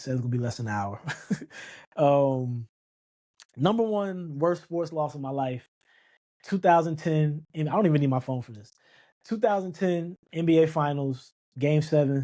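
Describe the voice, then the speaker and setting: An adult man hosting a sports podcast speaks at a moderate pace in a fairly high, mellow voice. His casual sports talk monologue is emphatic, and he often repeats himself and restarts sentences.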